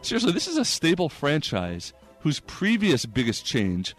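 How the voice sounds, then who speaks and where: A man hosting a comedy sports segment, delivering rapid jokes and laughing at his own punchlines. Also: a little high, huge pitch swings, faint music behind.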